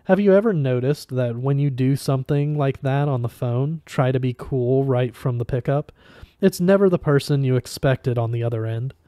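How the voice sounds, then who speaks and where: A man's voice: medium pitch, moderate pace, mellow, no echo, studio quality. A man reading a novel aloud in a casual way, with small slips and restarts. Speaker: audiobook reader.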